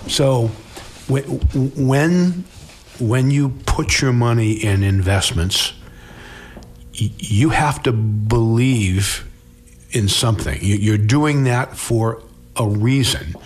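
A man's voice: mid-range voice, slow pace, breathy edge. A middle-aged man who works as a financial advisor, answering interview questions in a conversational way, restarting words and often ending his points with "okay?".

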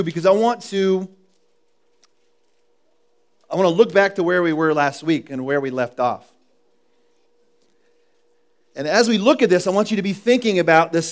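A man with a voice on the high side delivers a sermon in a loose, conversational way. He jokes with the congregation, restarts his sentences and laughs as he goes. He speaks from a church meeting room. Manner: casual, joking, with frequent restarts and laughs. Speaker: pastor.

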